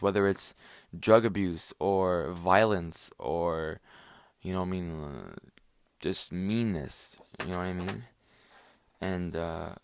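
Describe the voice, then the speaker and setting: A man's voice: on the low side, no room sound, clean studio sound. A young man hosting a solo podcast, rambling with lots of fillers and restarts, tired and worn out. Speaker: podcast host.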